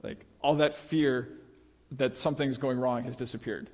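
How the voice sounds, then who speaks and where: A man delivers a relaxed, conversational sermon, slipping into quoted voices as he goes. His voice sits in a middle pitch. The sound carries the long reverb of a live hall. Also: normal speed. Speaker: preacher. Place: church hall.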